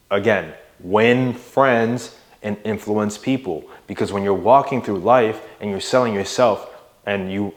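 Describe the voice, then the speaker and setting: A young adult man coaching viewers in a motivational monologue, casual and emphatic, pushing his voice up and down to stress words and checking in with "right?". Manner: emphatic, varies loudness and pitch for emphasis, casual with "bro" and "right?". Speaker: mindset and fitness coach.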